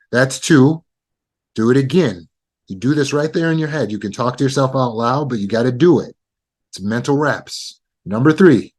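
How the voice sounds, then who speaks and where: A man's voice: medium pitch, expressive, normal speed, darkish tone. Man teaching a self-help lesson. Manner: repetitive, instructive, walks through steps. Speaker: trauma recovery teacher.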